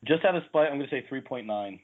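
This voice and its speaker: Man, podcast panelist, deadpan snark, lively pitch swings, tinny line. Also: fast. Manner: deadpan, spiteful jokes. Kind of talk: casual podcast chat. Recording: tinny phone-like audio.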